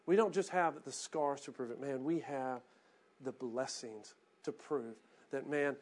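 A man preaching a sermon as pastor, going from hushed reflection to rising, emphatic calls. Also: mid-range voice, a little slow.

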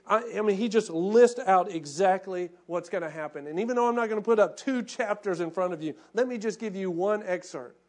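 High-voiced impassioned male preacher. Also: a little fast, few pauses. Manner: impassioned, acts out quoted prayers, drops to hushed tones. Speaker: pastor. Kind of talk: sermon.

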